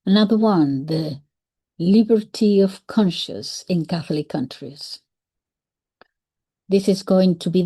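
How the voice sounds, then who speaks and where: A woman speaks in a slow, unhurried, measured way as she analyzes the wording of a historical text. Her voice sits a little low and sounds warm and mellow. Now and then she drops into soft whispered asides. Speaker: commentator on historical texts. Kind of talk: reflective commentary.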